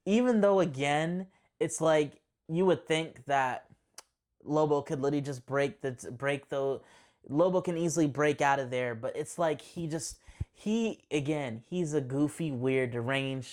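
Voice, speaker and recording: Excitable, rambling male movie reviewer. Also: mid-range voice. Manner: excitable, rambling, with frequent restarts and slangy asides. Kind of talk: casual spoken movie review.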